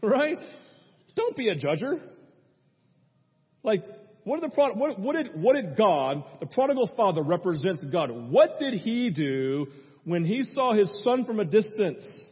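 Husky high-voiced preacher in an echoey hall. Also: male voice, big pitch swings, a little slow. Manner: conversational, with frequent "right?" asides. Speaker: pastor. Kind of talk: sermon. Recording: echoey hall, dull lo-fi sound.

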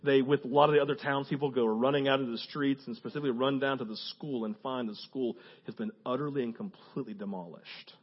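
A man preaching a sermon as pastor, animated and conversational with asides. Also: mid-range voice, fast talker, hardly any pauses, husky, dull audio. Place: church.

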